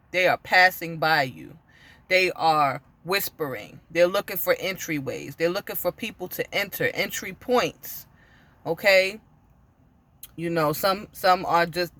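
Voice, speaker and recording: A woman giving an informal sermon to camera, earnest and full of direct questions, often repeating herself and pausing with "you know" and "um". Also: fairly low pitch, animated, fairly bright tone, dry recording. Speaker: spiritual teacher.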